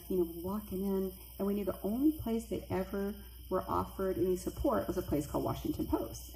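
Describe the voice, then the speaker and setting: A middle-aged woman telling a personal spooky story, lively and acting out the voices of the people in it. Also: gravelly, slight background noise. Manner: animated, acts out quoted voices with big pitch jumps. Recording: echoey room with faint ambience.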